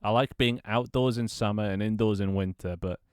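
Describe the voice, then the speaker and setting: In a smooth, lowish voice with a steady tone and moderate pace, a British streamer chats casually from a small home room. He grumbles, swears and laughs often. The sound is studio quality, with no room sound.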